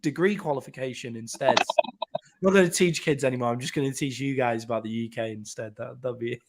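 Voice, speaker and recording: A man's voice: mid-range voice, brisk, heavy background noise. A man from England, a podcast co-host, explaining things in casual chat and swearing freely.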